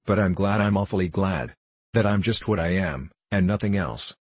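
Merry patchwork rag-doll girl, boastful, sing-song rhymes, husky undertone, put on by a man, dry close sound. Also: sits low, normal speed, no room sound.

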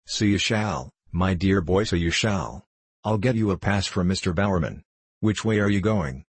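Man voicing a jaunty self-satisfied showman, deep husky voice, dry close sound, storybook. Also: animated, normal speed, no room sound. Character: boastful shabby male stage performer, middle-aged.

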